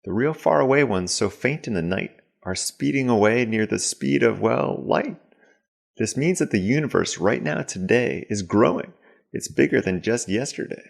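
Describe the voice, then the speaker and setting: A man reading a rhyming poem aloud in a measured, rhythmic way. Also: mid-range voice, lively intonation, creaky. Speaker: guest poet, astrophysicist.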